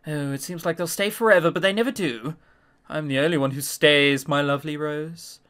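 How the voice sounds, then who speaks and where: A man voicing a cold, possessive mother in a visual novel, speaking low, soft and sinister. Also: fairly quick, close to an everyday voice. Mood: menacing.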